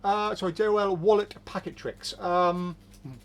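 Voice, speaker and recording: A man hosts a relaxed live stream from a shop. He reads out viewer comments one after another and adds his own chatty remarks, laughing easily along the way. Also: high voice, moderate pace. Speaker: host of a magic shop's live show. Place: magic shop studio.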